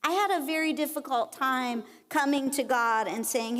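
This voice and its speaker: A woman giving a conversational, animated sermon at a church women's conference and acting out the lines she quotes. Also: high voice, normal speed, hardly any pauses. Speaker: conference speaker. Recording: long reverb of a church hall.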